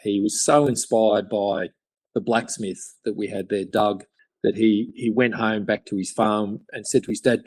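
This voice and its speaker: A man's voice: fairly low pitch, steady tone, normal speed, husky, no echo, poor audio. An Australian man, a craftsman guest on a podcast, telling stories in an enthusiastic, rambling way. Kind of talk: casual interview chat.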